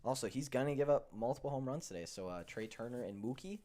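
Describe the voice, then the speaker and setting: Talking quickly, a young man on a sports betting show rattles through animated, cuss-filled tales in casual conversation, going from angry rants to low grumbles.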